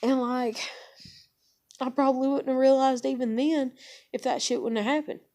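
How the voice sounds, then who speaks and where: A woman's voice: high voice, fairly even intonation, normal speed, mellow. A woman in her thirties ranting to camera in a casual vlog, rambling, heavy with swearing, upset and near tears. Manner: profane, rambling, heated. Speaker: vlogger.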